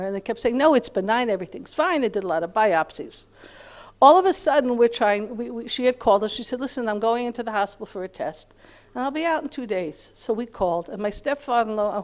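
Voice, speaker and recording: Woman telling a story in a lecture. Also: a little high. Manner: animated storytelling, acting out quoted people. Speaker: Torah lecturer.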